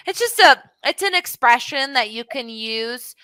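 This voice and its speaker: Bright-voiced woman tutoring English. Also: high-pitched, expressive, unhurried, few pauses, smooth, no room sound, low-quality recording. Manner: patient, explains with many examples and fillers like "like" and "mm-hmm". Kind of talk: online one-to-one English lesson.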